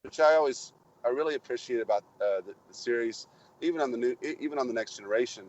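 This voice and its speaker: A man co-hosting a casual podcast chat about films, halting and repeating words, on muffled lo-fi audio. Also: medium pitch. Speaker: podcast co-host.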